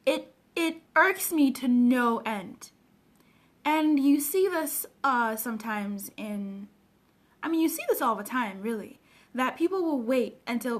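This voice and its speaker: A woman's voice: a little high, animated, unhurried. A woman from Africa working as a personal development coach, talking earnestly and emotionally to viewers on a casual live stream and answering their comments, recorded at home on a webcam.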